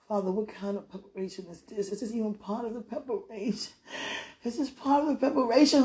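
A woman lying in bed, praying aloud in a moaning, pleading way, drifting between hushed whispers and loud protests. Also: on the high side, fairly even intonation, fairly quick. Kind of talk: emotional spoken prayer monologue.

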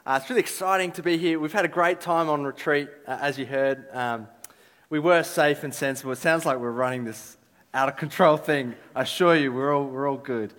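A man's voice: fairly high pitch, brisk, fairly bright tone. A man giving a casual, filler-filled talk about trust at a church gathering. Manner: casual, chatty with many fillers. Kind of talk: sermon-style talk. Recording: echoey hall.

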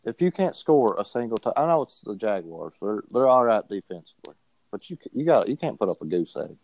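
A man's voice: lowish voice, big pitch swings, brisk, darkish tone, poor audio. A man giving bold, slangy football predictions in a casual sports chat. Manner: brash, slangy, confident predictions. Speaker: co-host picking games.

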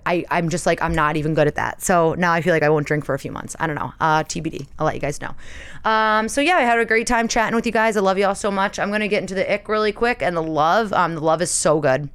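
Chatty, self-mocking woman with a low voice. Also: clean tone, no room sound. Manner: chatty and animated, self-mocking, full of "like" and laughs. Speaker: podcast host. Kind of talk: casual chat.

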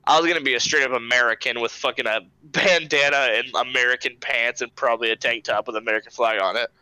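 A man's voice: medium pitch, steady tone, quick pace, sharp tone, smooth, dry recording, poor audio. A young man hosting a podcast, chatting casually, laid-back, swearing and laughing often. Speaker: podcast host. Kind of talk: casual chat.

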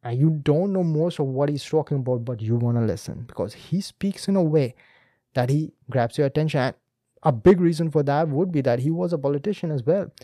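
A man from India, a podcast host and speaking coach, walks listeners through a video clip in a teacherly way, addressing them directly. His voice is on the high side, mellow and a little fast, recorded with studio quality and no room sound.

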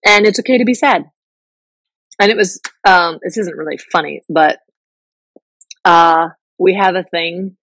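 A woman's voice: lowish voice, a little slow, pauses often, a bit bright, dry recording, rough recording. A middle-aged woman hosting a podcast, talking openly and casually about her life, full of fillers and restarts. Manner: candid, chatty, many fillers and restarts. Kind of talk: casual personal talk.

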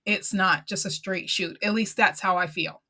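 A woman's voice: mid-range voice, steady tone, normal speed, bright, forceful tone. A woman with a New York accent hosting a podcast interview, chatty and enthusiastic with frequent fillers. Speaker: podcast host.

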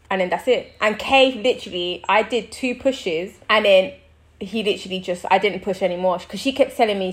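A young woman, co-hosting a casual chat and telling a story with lively acted-out quotes and frequent laughter. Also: medium pitch, brisk. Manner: animated storytelling, acts out quoted people, laughs often. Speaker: podcast co-host.

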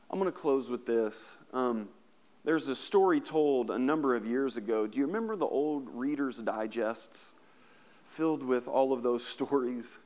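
A man preaching a sermon, climbing loud and high on key points and dropping soft and low to tell a story. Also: expressive, moderate pace. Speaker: pastor.

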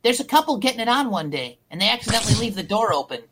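A woman telling crude jokes in a casual, deadpan storytelling way. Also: a little high, rapid-fire, breathy edge. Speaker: guest.

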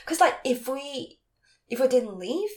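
An animated young woman telling a story in casual chat, her voice fairly high and swinging widely up and down. She talks in quick, chatty bursts packed with "like" and acts out what people said. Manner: animated storytelling, acts out quoted lines with lots of "like". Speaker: guest telling a dating story.

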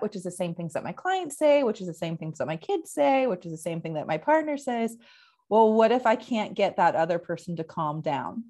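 A woman and parent talking casually about calming techniques, chatty and laughing often. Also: medium pitch. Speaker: parent and therapist. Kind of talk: casual conversation.

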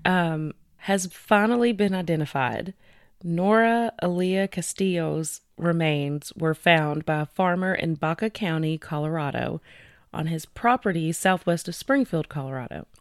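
Low-voiced woman chatting through crime news. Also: measured pace, clear, resonant tone, dry recording, studio quality. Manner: conversational, relaying news from research notes with frequent fillers. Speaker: podcast co-host. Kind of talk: casual true-crime chat.

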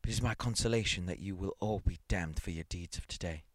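A man's voice: low voice, brisk, a bit bright, dry recording, studio quality. A man reading aloud and voicing a furious, fanatical male cult member who speaks thickly.

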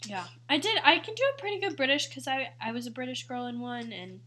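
A woman's voice: sits high, expressive, fast, pushed and bright, breathy edge. A young woman co-hosting a podcast, chatting casually and playfully with frequent giggles. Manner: giggly, playful, trying silly accents. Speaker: podcast co-host. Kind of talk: casual chat.

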